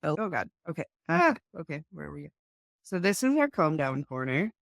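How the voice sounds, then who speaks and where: Very animated and a bit gravelly, a young woman with a low voice speaks at a moderate pace as a guest in an informal video-call interview. A mother of two, she explains earnestly and role-plays talking with her children, captured in a dry, close recording.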